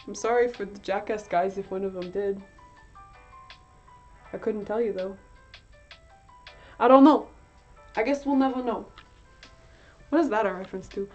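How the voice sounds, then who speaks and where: A young woman streams and chats casually with her viewers while she works, rambling, giggling, and swearing now and then. Her voice is mid-range and darkish, at normal speed with frequent pauses. The lo-fi stream audio is slightly dull, with faint music in the background.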